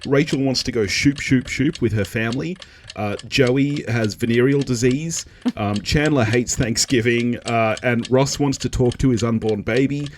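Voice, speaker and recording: A man's voice: medium pitch, moderate pace, a little hiss or hum. A man co-hosting a podcast, joking, laughing often and poking fun at himself. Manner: jokey, laughs often, self-deprecating. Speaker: podcast co-host. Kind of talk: casual chat.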